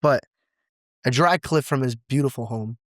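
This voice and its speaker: Young man, interview guest, candid and emotional, casual slang, mid-pitched voice, dry close sound. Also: normal speed, no echo. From Assyrian heritage, grew up in a church. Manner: animated and expressive, says "dude" and "bro" a lot; earnest, close to tears at times. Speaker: podcast guest.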